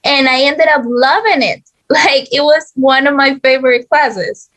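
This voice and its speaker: A woman hosting a podcast who speaks in a soft, hesitant way with frequent fillers. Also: high voice, measured pace. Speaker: podcast host. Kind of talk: casual interview chat.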